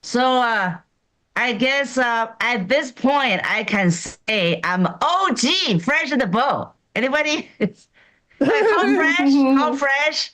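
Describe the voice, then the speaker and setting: High, lively-voiced woman comic from China. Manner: deadpan, slightly broken English with pauses. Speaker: stand-up comic. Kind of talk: stand-up set. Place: comedy club stage. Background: audience laughter.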